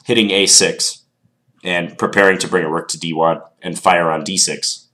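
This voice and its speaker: A man's voice: low-pitched, steady tone, normal speed, sharp tone. A man with a stuffed-up voice from a cold, casually thinking aloud through a chess game and hedging with filler words. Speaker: chess commentator.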